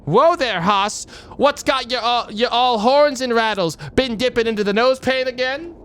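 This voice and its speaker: A man's voice: extremely high pitch, moderate pace, fairly bright tone, clean tone, pitched above the performer's own voice. A man voicing a grizzled old western cowhand who talks in a twangy, folksy frontier drawl. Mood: rowdy.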